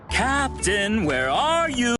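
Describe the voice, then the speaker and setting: A man's voice: high voice, noisy background, heavily acted. An actor playing a vain, flamboyant young male soldier in a video game, preening and cheerful.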